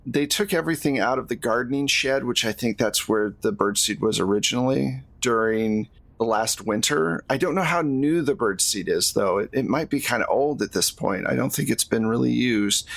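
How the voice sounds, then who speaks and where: A man's voice: mid-range voice, animated, moderate pace, creaky, few pauses, fairly bright tone, no echo. A man voicing a chatty, fussy nun who rambles with hesitant fillers, in a tabletop role-playing game. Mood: helpful.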